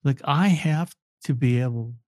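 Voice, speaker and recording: An older man, a family counselor, answering an interview question in an earnest, halting way, choked up with emotion. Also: mid-range voice, darkish tone, no echo, studio quality.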